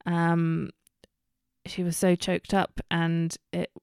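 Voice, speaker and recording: A woman talks through her week in a casual solo podcast, candid and full of ums. Her voice is fairly low and smooth, and she speaks slowly. The sound is dry and close, with no room around it. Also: completely flat delivery, darkish tone, no echo. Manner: chatty, candid, many ums and self-corrections. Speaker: podcast host.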